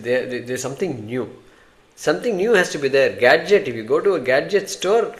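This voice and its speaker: An Indian-accented man teaching a scripture class in a mid-range voice. He keeps things conversational, throwing questions to his students and answering them himself. He often recites Sanskrit terms and verses as he explains. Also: mid-range voice. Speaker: Vedanta teacher.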